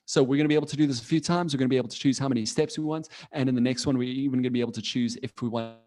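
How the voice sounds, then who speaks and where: A man's voice: mid-range voice, steady tone, very fast, a little mellow. A man teaching children in a live online class over a video call. He sounds friendly and encouraging, laughs often and talks casually with restarts.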